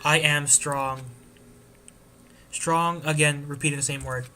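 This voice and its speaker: A man hosting a game let's play, reading the story text aloud in a steady narrating tone. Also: a little high, slow pace, faint music behind. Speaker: let's player.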